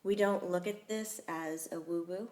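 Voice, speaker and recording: A woman hosting a casual chat, telling stories in an animated, chatty way. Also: fairly low pitch, measured pace. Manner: chatty, animated storytelling with laughter. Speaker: host.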